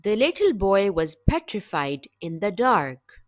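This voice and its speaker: Slow, lively-voiced woman teaching vocabulary. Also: mid-range voice, no room sound, clean studio sound. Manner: measured, clear word-by-word delivery. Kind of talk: slow, deliberate scripted vocabulary lesson.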